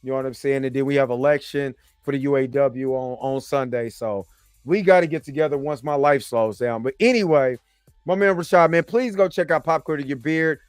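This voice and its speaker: A man hosting a casual reaction review, animated and joking as he talks straight to his viewers. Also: mid-range voice, fairly quick, clean tone, no echo, clean studio sound, faint music behind. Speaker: host and movie reviewer.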